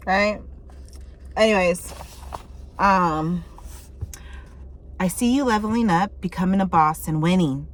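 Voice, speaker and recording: A woman reading tarot messages in casual chat, candid and loose, swearing freely and reacting out loud. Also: on the low side, a little slow, pauses often. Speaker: tarot reader.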